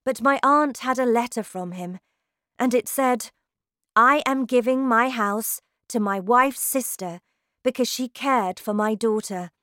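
A woman reading aloud who voices a gentle, kind young woman teacher, speaking softly and calmly. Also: fairly high pitch, a little slow, no echo, studio quality, pitched above the performer's own voice. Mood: sad. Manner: soft, calm.

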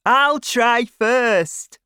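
A woman doing a lively, eager boy. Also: a little high, very slow, smooth, no echo, studio quality, pitched above the performer's own voice, full character voice.

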